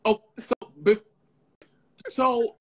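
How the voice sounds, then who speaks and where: A woman's voice: a little high, steady tone, extremely slow, a bit bright. A woman interviewer in a casual chat who reacts with slang and asks questions.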